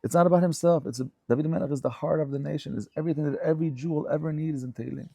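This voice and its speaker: A man's voice: fairly high pitch, steady tone, rapid-fire, vocal fry, dark tone, dry recording. A man giving a Torah lecture as a rabbi, speaking fervently and emphatically and repeating phrases for stress.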